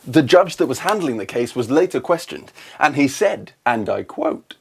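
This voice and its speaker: A man hosting a comic vlog monologue with a husky, breathy voice. His pitch swings wildly from line to line. He jokes and often drops into whispers. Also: big pitch swings, normal speed, hardly any pauses. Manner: jokey, jumping between silly voices and whispers. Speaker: comedy vlogger.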